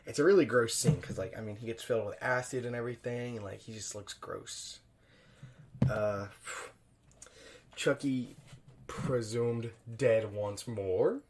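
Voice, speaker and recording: A young man hosting a podcast, reviewing a film alone in a loose, profane, chuckling way and jumping louder for emphasis. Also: mid-range voice, normal speed, long pauses, a little hiss or hum. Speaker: podcast host. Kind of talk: casual solo film review.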